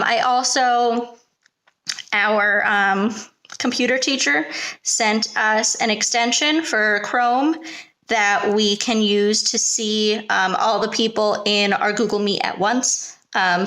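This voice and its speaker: A woman's voice: mid-range voice, a bit bright. A young woman, a preschool teacher, talking casually to camera from her apartment, chatty and hesitant and full of fillers. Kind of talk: casual vlog chat.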